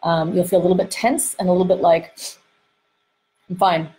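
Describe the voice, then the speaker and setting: Animated woman coaching on emotions. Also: on the low side, fast, poor audio. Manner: animated, acts out inner voices, frequent fillers. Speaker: dating coach. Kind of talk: podcast-style teaching monologue. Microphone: close microphone she bumps while gesturing.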